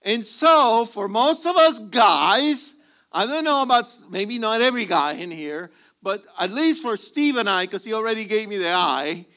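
A very high-pitched, sharp-toned male voice belongs to a pastor addressing his congregation. In his sermon he tells comic stories and plays out dialogue himself.

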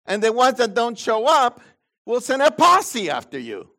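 A man preaching a sermon as pastor, swinging between loud high emphasis and low quiet asides. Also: wildly swooping pitch, a little slow.

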